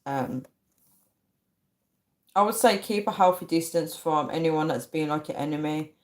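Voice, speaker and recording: Young woman host, slightly low voice, casual and giggly, chatting with live viewers. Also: a little slow. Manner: laughs a lot, chatty, reads viewer names aloud. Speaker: livestream host. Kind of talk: casual livestream chat reading comments.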